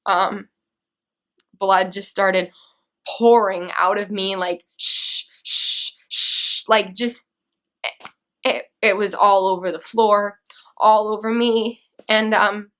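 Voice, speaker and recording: A woman's voice: mid-range voice, fairly even intonation, a bit bright. Young woman earnestly recounting a personal story. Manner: earnest, halting, with restarts and fillers. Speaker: vlogger.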